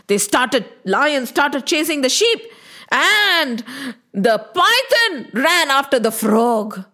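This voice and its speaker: A woman telling a children's story in an animated way, asking listeners questions and adding sound effects. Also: sits high.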